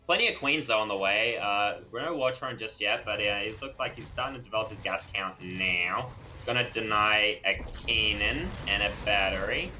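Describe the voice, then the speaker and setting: A man's voice: lowish voice, normal speed, hardly any pauses, pushed and bright, slight background noise, poor audio. A man co-casting a live strategy game in a laid-back way, laughing easily through the banter. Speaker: esports caster.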